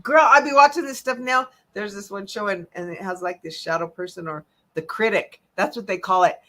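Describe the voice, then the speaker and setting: A woman holistic health coach giving an animated, emphatic motivational talk, swinging between loud and soft. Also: medium pitch, fairly quick.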